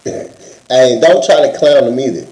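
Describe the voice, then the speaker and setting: A man's voice: medium pitch, measured pace, mellow, reverberant, poor audio. A man co-hosting in casual chat, slangy and joking, talking straight to viewers. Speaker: co-host.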